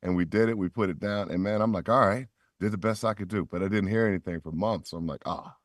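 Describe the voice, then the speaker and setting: A man's voice: on the low side, fast, dry recording, studio quality. A middle-aged man, a voice actor, telling stories as a podcast guest and acting out quoted voices with animation. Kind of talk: storytelling in a podcast interview.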